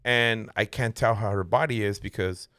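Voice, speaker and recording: Low-voiced man telling a dating story. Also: normal speed, clean tone, dry recording, clean studio sound. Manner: animated, acts out quotes in raised voice. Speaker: podcast guest. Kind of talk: casual storytelling.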